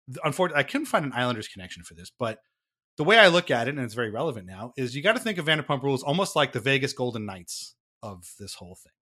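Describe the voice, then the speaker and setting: A man talks casually on a podcast, his voice bright and forward at a middle pitch. He explains things in a chatty, wry way and often breaks off to restart a thought. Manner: chatty, wry, laughs at himself, trailing restarts. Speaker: podcast co-host explaining a reality show.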